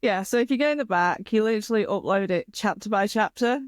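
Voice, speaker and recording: A woman's voice: medium pitch, fast, dry recording, studio quality. A woman co-hosting a casual podcast, laughing often and explaining things in an informal way. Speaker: podcast co-host.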